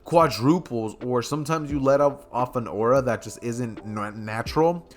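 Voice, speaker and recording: A friendly young male hero mentor, as a man puts him on, talking in an easygoing way with little hesitations. His voice sits at a middle pitch, close to an ordinary conversational tone. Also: moderate pace, natural voice.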